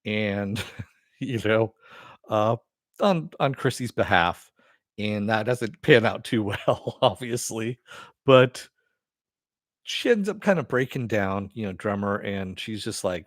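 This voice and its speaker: A man's voice: on the low side, expressive, takes it slowly, no echo, clean studio sound. Rambling, chuckling male show reviewer. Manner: rambling, laughs often, many fillers. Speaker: show host. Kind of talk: casual live-stream TV review.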